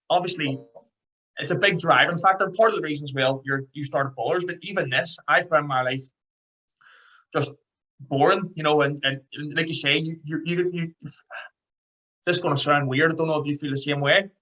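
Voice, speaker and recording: A man with a Scouse accent hosting a podcast, telling stories in a fast, excitable way. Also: a little high, low-quality recording. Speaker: podcast host. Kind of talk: casual interview chat.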